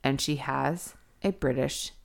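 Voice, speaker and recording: A woman's voice: a bass voice, fairly even intonation, slow, creaky. A woman co-hosting a podcast, talking frankly and casually about a movie, swearing freely and saying "like" a lot. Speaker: podcast co-host. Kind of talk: casual movie review chat.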